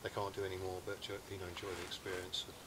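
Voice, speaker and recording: Relaxed low-voiced British man outdoors. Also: very fast, heavy background noise. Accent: British English. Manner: relaxed, easygoing. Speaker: outdoors channel host. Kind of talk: casual chat to camera. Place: woods, outdoors in a hammock.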